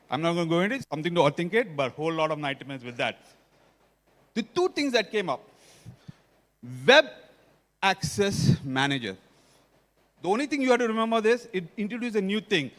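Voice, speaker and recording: A man's voice: high-pitched, fairly bright tone. A man with an Indian accent giving a technical conference talk, often quizzing the audience. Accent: Indian English. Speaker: conference speaker. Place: conference hall stage. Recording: long reverb of a conference hall.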